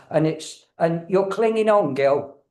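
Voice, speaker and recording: A man's voice: on the high side, expressive, takes it slowly, a little mellow, reverberant. A man working as a spiritualist medium, chatty and joking, often checking in with the audience. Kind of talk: mediumship demonstration to a congregation.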